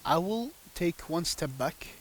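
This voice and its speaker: A man's voice: a little high, expressive, unhurried, a little hiss or hum. A man speaking as a guest on a religious panel, telling devotional stories emphatically with rhetorical questions. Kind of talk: religious discussion, storytelling.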